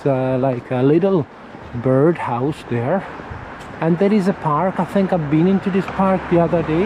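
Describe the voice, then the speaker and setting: Slow, halting man vlogging outdoors. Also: on the high side. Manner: hesitant, halting, searching for words. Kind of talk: casual walking vlog talk. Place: outdoors on town streets. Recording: outdoor street with passing traffic.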